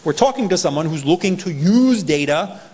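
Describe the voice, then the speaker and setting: A man with a New York accent gives a lively talk, his voice sitting a little high for a man. He plays out other people's reactions as he goes. The sound rings with a long reverb, as in a big lecture hall. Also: brisk, husky. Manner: animated, acts out people's reactions. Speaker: privacy advocate speaker. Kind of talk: conference talk.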